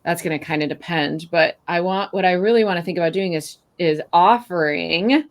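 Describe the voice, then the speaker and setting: A woman's voice: on the low side, normal speed. A woman guest on a podcast, explaining her ideas at length with everyday examples. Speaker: guest author. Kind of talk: podcast conversation.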